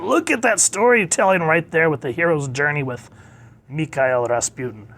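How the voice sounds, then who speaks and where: A man in a casual comic book review, rambling and chuckling, pausing to look things up, and openly enthusiastic about the storytelling. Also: a little high, creaky, fairly bright tone.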